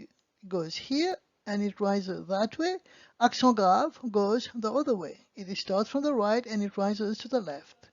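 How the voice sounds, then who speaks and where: Patient lady teacher going real slow, checks "okay?" a lot, kinda muffled dry audio. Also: on the high side, darkish tone, no room sound. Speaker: French teacher. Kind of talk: slow beginner language lesson. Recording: dull lo-fi dry sound.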